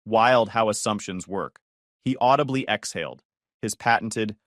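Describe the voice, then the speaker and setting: A man narrating a first-person drama story with sardonic, deadpan asides. His pitch moves in a lively way, and the recording is dry and close with no room at all. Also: unhurried, no room sound.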